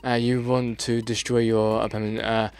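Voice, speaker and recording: A man's voice: lowish voice, flat delivery, moderate pace, a little mellow, smooth, faint music behind. A tired man doing casual let's play commentary, exasperated and rambling, swearing as he goes.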